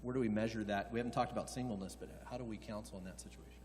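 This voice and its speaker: A man moderating a conference Q&A, halting and rephrasing as he reads out questions. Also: fairly low pitch, fairly even intonation, darkish tone. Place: church hall. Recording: church hall reverb, faint hum.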